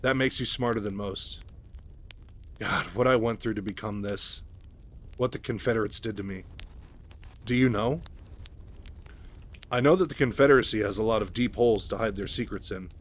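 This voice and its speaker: A man voicing a guarded, blunt female telepath soldier in a measured low voice. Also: natural voice.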